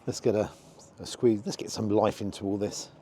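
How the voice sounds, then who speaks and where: A man with a fairly low, mellow voice talks through a food review as he eats outdoors. He gives a frank, let-down running commentary on each bite, with a faint hum of outdoor ambience behind him. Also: fairly even intonation, moderate pace. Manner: frank, disappointed running commentary while tasting. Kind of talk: casual food review vlog.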